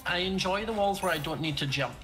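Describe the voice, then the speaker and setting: Bright-voiced wry woman gamer. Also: fairly low pitch, expressive, fast talker, soft background music. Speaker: game player. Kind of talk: casual gaming chat.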